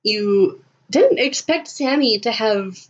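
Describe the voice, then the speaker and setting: A woman's voice: on the high side, lively intonation, takes it slowly. A woman running and narrating a tabletop role-play game in a casual, giggly way over voice chat. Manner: giggly, casual, lots of "kinda". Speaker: game master. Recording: slightly muffled lo-fi audio.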